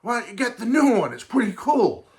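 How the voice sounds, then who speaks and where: A man's voice: very high voice, sing-song, brisk, voice pushed up. A man putting on the voice of a laid-back 1970s teenage boy with breezy slang. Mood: easygoing.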